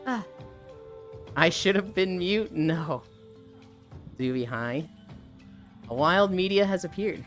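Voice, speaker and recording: Woman streamer host, lower voice, very expressive melody, swears casually. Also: slow, pauses often, faint music behind. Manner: animated, swears freely, reads chat aloud. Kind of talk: casual live-stream chat.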